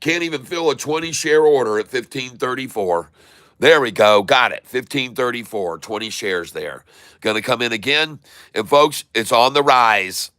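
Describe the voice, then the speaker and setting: Bright clear-voiced man calling out trades. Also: mid-range voice, no echo. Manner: running commentary, repeating tickers slowly. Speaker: stock trading streamer. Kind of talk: live day-trading commentary.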